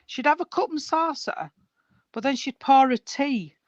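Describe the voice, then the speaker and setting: In lo-fi sound, a woman with a high voice talks unhurriedly as a spiritualist medium, doing a live reading over a video call for an online service. She is chatty and rambling, using sweetheart and darling.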